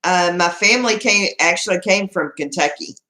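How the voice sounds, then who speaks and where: A woman's voice: lowish voice, moderate pace, bright, forceful tone, reverberant. A woman from Texas with a Texan accent, hosting a casual live chat and answering viewer comments in a chatty, proud way. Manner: chatty, proud, laughs often, restarts sentences.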